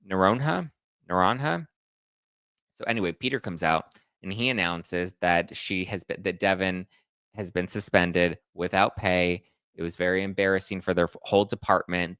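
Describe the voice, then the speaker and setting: A man hosting a celebrity gossip commentary show, telling the story in an animated, sarcastic way. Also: deep voice, clean tone, no room sound. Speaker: host.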